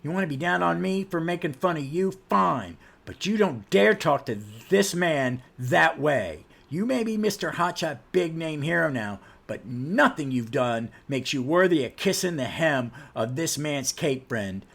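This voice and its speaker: A man's voice: a little high, expressive, measured pace, gravelly, hardly any pauses, a bit bright, voice pushed up, full character voice. A man voicing a brash, mouthy young male hero who talks back with cocky sarcasm. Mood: heated.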